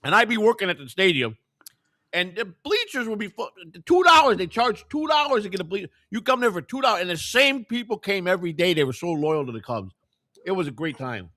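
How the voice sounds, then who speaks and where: An older American man chats quickly, his voice sitting a bit high for a man. He tells long rambling stories, circling back with restarts and acting out what others said. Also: animated, pushed and bright, dry recording, clean studio sound. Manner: rambling storyteller, many restarts. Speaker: co-host. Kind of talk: casual chat.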